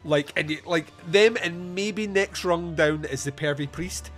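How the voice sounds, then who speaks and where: A man hosting a casual film review podcast, animated and quick to laugh, acting out lines from the movie. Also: a little high, faint music behind. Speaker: podcast host.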